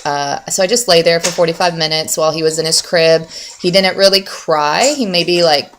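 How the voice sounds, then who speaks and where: A woman's voice: sits low, a bit bright, a little hiss or hum. A young woman chatting casually to camera as a mom vlogger, rambling with many fillers.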